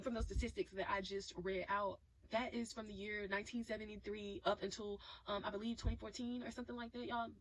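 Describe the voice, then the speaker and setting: A woman's voice: on the high side, a little hiss or hum, rough recording. A woman talking casually and emphatically to her viewers, reacting to a movie she just watched. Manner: emphatic, talks straight to viewers as "y'all".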